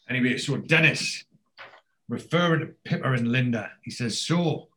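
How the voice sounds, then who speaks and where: A man in casual chat, retelling a TV episode and jumping into higher, louder voices for the characters he quotes. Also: normal speed.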